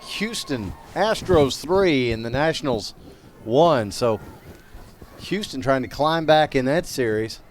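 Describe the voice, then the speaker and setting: A man giving steady, matter-of-fact play-by-play of a high school football game. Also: slow pace, slight background noise. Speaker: play-by-play announcer.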